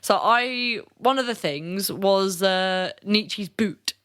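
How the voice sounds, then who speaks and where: A woman co-hosting a podcast, telling a story in casual chat, animated, laughing often and swearing freely. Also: medium pitch, takes it slowly, clear, resonant tone. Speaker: podcast co-host.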